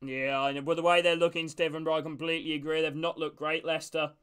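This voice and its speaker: A man streaming a live watch-along, calling the match play by play and greeting viewers from chat, with bursts of excitement at chances. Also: a little high, fast talker, clean tone. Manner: calls passes by name and greets chat viewers.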